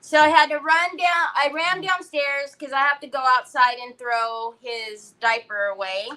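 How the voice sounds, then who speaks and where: Woman, high voice, bright tone, chatty livestream host, casual storytelling, middle-aged. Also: unhurried, rough recording. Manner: chatty, animated, greets viewers by name mid-story. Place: parked car.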